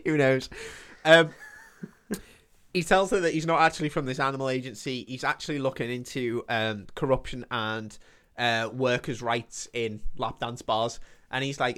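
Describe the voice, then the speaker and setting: A man with a bright, forceful voice recaps a film scene by scene in a casual podcast chat. He laughs easily and slips into little put-on voices for the characters. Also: mid-range voice, fairly even intonation, normal speed. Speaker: podcast co-host.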